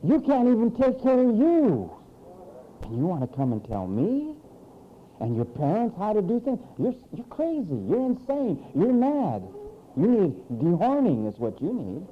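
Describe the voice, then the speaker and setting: Man, preacher, sermon, high voice, mocking, animated, church. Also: moderate pace, phone-quality sound, a little hiss or hum. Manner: animated, mocking impersonations of frantic people.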